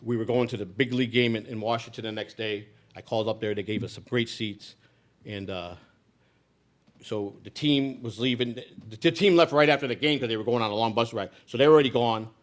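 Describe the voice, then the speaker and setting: A man's voice: medium pitch, fairly quick. A man in his sixties telling a long personal story in a live speech, rambling, with frequent restarts and repeated words. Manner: rambling, with many restarts and repetitions. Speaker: political candidate.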